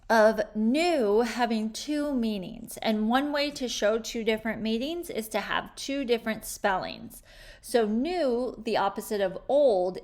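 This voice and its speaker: Woman, phonics teacher, slow and patient, clear sounding-out, slightly high voice. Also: a little mellow. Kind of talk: phonics lesson for children.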